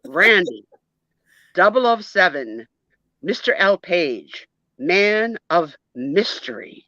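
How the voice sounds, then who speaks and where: A woman's voice: fairly low pitch, sing-song, moderate pace, a bit bright, no room sound, highs cut off. A woman doing a pompous schoolboy playing spy. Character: earnest little schoolboy posing as a British spy.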